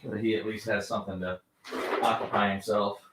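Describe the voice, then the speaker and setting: A man training a dog on camera, gently encouraging it and explaining each step. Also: on the low side, level tone, a little fast, far from the mic. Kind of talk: live training demonstration with explanation. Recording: echoey room, off-mic, faint noise.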